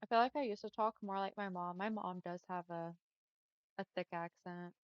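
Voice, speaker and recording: A woman's voice: lowish voice, steady tone, moderate pace, smooth, dry recording. Texan girl streaming and chatting w chat, says y'all a lot, dead dry room, kinda muffled mic. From Texas. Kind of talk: casual chat while gaming.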